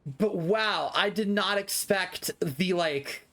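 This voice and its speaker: A man's voice: high-pitched, takes it slowly, a bit bright. Dramatic young man streaming a game. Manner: dramatic, whiny, self-mocking. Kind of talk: live gameplay commentary.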